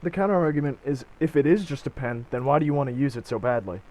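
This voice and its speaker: A young man co-hosting a podcast in casual chat, relaxed and laughing along with short replies. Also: mid-range voice, quick pace. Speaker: podcast co-host.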